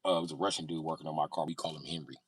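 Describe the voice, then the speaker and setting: A man's voice: rumbling low, steady tone, racing, slightly rough. A man telling profane stories casually on a live stream, acting out sounds and voices. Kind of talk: casual storytelling.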